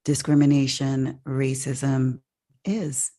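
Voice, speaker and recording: A woman hosting a casual podcast, chatty and expressive, laughing often between points. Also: rumbling low, takes it slowly. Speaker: podcast host.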